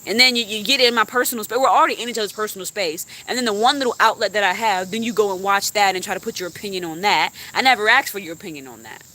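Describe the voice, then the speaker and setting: Blunt, bright-voiced young woman venting. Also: medium pitch, rapid-fire, few pauses. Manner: blunt, heavy cussing. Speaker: YouTuber. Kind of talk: venting to a live stream chat.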